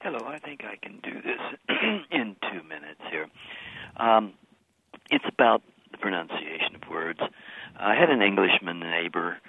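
A man calling in to a radio show with a wry, pedantic remark, spoken softly. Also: low-pitched, very animated, unhurried. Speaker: caller. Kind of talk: phone-in comment. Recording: tinny phone line.

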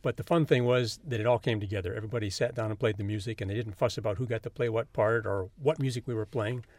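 A man's voice: on the low side, fairly even intonation, fast talker, a little mellow, no echo. A man who plays trombone in a community band, telling good-humored stories in a radio interview.

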